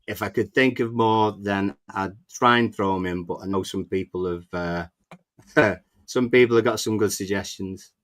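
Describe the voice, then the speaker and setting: A man's voice: on the low side, normal speed. A man hosting a casual fan podcast, chatting and rambling with plenty of fillers. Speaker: podcast host. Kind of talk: casual chat. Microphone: clip-on microphone.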